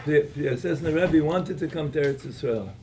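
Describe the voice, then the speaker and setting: A man giving a Torah talk at an evening gathering, telling a story in a halting way, with many repeated words and restarts. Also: on the high side, distant mic, background noise.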